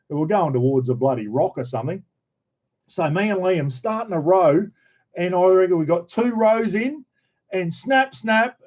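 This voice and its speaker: An Australian man casually telling a story, acting out other people's shouted lines and laughing as he talks. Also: high voice. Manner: animated, acts out quoted shouts, laughs mid-sentence. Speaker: vlogger, former police officer.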